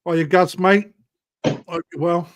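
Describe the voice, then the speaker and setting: A man's voice: high voice, fairly even intonation, a little slow, dry recording. A man hosting a live online auction, chatting with bidders in a casual, matey way. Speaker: koi auctioneer.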